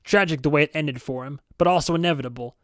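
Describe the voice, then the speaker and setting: A man's voice: fairly high pitch, fast talker, fairly bright tone, no room sound, clean studio sound, natural voice. A man doing an impatient, brusque oily businessman. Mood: curt. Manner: brusque, clipped and dismissive. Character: small oily older businessman, impatient and curt. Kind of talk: audiobook character voice.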